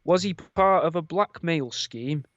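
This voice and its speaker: A man co-hosting a podcast, telling stories in a rambling, deadpan, casual way. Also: fairly high pitch, a little slow, no echo, dull audio. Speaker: podcast co-host. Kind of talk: casual comedic chat.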